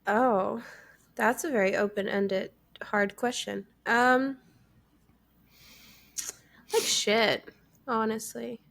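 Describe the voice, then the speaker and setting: A young adult woman co-hosting a podcast and chatting candidly, telling animated stories with bursts of laughter. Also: on the high side, slow, vocal fry, pauses often. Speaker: podcast co-host and streamer. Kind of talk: casual podcast chat.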